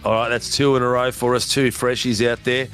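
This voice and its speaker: Chatty race host. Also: male voice, medium pitch, little pitch movement, brisk, a bit bright, faint music behind. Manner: hyped announcer, chatty, says mate a lot. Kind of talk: post-race interviews.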